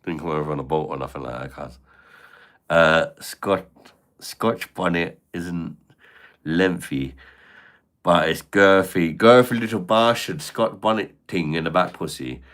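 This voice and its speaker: A man's voice: low voice, a little slow, fairly bright tone. A man, chatting live to his viewers in crude, slang-heavy joking banter full of swearing. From Britain. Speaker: live streamer reading chat. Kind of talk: casual live-stream chat.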